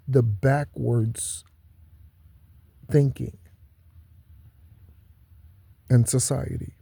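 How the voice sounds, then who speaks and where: The recording is dry, and the host's mid-range voice is dark and slightly rough with vocal fry. Speaking alone to viewers of his spiritual channel, he sounds preachy, repeats and stresses his points, and drops in slow, emphatic asides.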